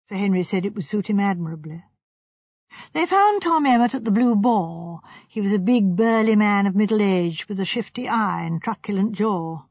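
An audiobook reader giving an even, measured narration. The recording is dry and close, with a slightly dull, muffled tone. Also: mid-range voice, slightly rough, no echo. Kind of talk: scripted narration.

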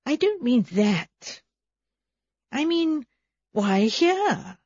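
Brief: woman playing a terse, no-nonsense vicar's wife with a higher, slightly husky voice. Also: big pitch swings, very slow, a little mellow, no echo, exaggerated voice. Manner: terse, direct questions. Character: brisk practical young vicar's wife. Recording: slightly dull recording.

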